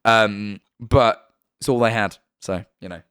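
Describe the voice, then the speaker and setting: A man's voice: lowish voice, steady tone, unhurried, fairly bright tone, smooth, no echo, studio quality. A young man with a British accent, chatting casually on a live stream and often correcting himself as he rambles. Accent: British English.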